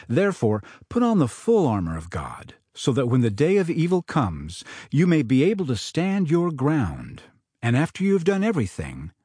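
A man reading his own novel aloud in dramatic, expressive audiobook narration. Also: medium pitch, slightly rough, no echo, studio quality.

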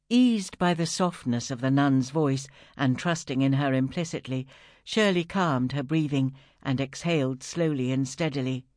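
An audiobook narrator reading a story in a steady, even storytelling manner. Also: mid-range voice, moderate pace, no echo, studio quality.

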